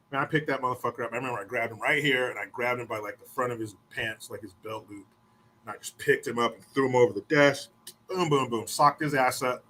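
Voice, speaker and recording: A middle-aged man with a mid-range voice tells casual stories from his school days, profane and animated, acting out what others said.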